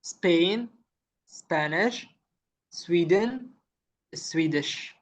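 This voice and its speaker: A man's voice: high-pitched, lively intonation, drawn-out words, highs cut off. A male student answering his tutor hesitantly, often starting with uh.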